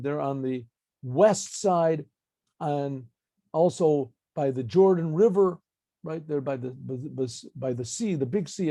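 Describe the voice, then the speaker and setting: A man teaching a Torah class as a rabbi, reading Hebrew phrases, translating and explaining them in a lively lecture with frequent restarts. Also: a little high, no room sound. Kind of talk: lecture with commentary.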